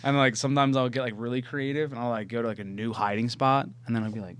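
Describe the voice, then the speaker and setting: Laughing, animated young man chatting. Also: mid-range voice, fast talker, hardly any pauses. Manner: laughing, animated storytelling with swearing. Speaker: podcast co-host. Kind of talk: casual chat.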